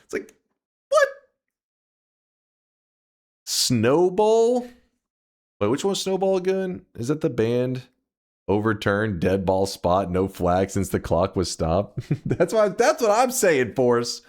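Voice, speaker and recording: Animated, indignant male streamer. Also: unhurried. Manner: swears freely, jumps to high indignant outbursts; argues and banters with chat. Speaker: live streamer. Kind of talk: casual live-stream commentary.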